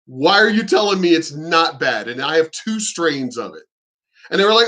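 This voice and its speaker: Speaking to camera, a male vlogger launches into an indignant rant, hammering his points, swearing freely, and repeating himself as he keeps restarting sentences. His high voice has a sharp, bright ring and a sing-song lilt, delivered at normal speed.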